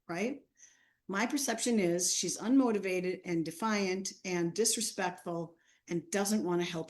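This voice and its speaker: Woman presenter telling a classroom story. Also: medium pitch. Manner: animated storytelling with acted quotes. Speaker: seminar presenter. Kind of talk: online training seminar.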